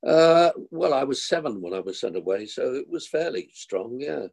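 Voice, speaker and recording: An older man from London, an actor, telling rambling, self-deprecating stories in a relaxed interview. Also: medium pitch, moderate pace, gravelly, poor audio. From London, England. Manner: rambling, self-deprecating storyteller with short laughs. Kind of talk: relaxed anecdotal conversation.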